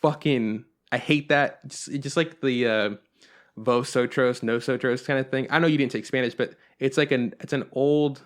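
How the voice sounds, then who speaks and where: Rambling, profane young podcast host. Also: male voice, mid-range voice, fairly even intonation, moderate pace. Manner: rambling and profane, with frequent fillers. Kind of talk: casual chat.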